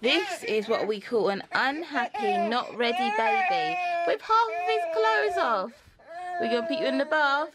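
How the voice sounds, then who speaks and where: Sing-song mum vlogger. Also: female voice, sits high, sing-song, normal speed, heavy background noise. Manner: sing-song, cooing to her baby. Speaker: vlog host, mother. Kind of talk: casual family vlog chat.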